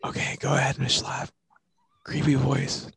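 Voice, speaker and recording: A man's voice: medium pitch, completely flat delivery, measured pace, vocal fry, fairly bright tone, slightly rough, dry recording. Playful teasing male teacher, dry sound. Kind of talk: online class morning meeting.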